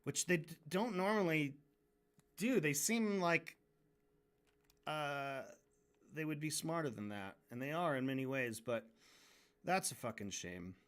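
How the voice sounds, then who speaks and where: A man's voice: a little high, lively intonation, a little slow, pauses often, a bit bright. A man livestreaming while he draws, ranting casually and frankly, swearing and often restarting his sentences. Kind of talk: casual rant during a drawing stream.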